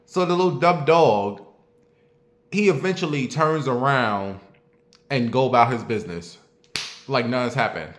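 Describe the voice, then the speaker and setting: A man's voice: mid-range voice, lively intonation, moderate pace, pauses often, fairly bright tone. A man telling a story in a casual, sassy and profane rant, imitating barking dogs as he goes. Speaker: online commentator. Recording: roomy echo.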